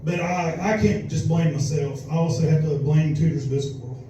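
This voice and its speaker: A man's voice: fairly high pitch, moderate pace, background noise. A man doing a crude, rambling, self-mocking stand-up comedy set. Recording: distant echoey club recording.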